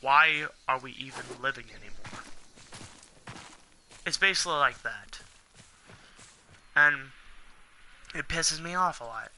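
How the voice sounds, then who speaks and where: Ranting heatedly, a young gaming channel host swears a lot and wanders as he vents to viewers. His medium-pitched voice is expressive and sharp, slow with frequent pauses, and the recording has a little hiss or hum.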